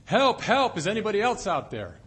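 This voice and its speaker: A man voicing a panicked man stuck on a cliff, yelling for help in a desperate, strained voice. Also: fairly high pitch, big pitch swings, normal speed, breathy edge, heavily acted.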